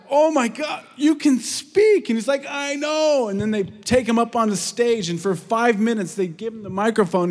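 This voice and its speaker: A man preaching in a big reverberant hall, his voice sitting a touch high for a man. He tells stories with lively energy, then sinks into soft, earnest prayer. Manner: earnest, lively storytelling with hushed prayerful lows. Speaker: pastor. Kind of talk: sermon. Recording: long reverb of a large hall.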